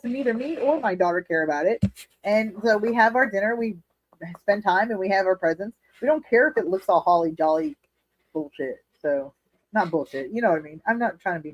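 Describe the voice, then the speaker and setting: A woman's voice: medium pitch, lively intonation, fairly quick, dry recording, rough recording. Candid, laughing woman with a dry sound. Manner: candid, laughs often, swears freely. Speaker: livestream host reading chat. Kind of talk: casual chat. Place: home living room.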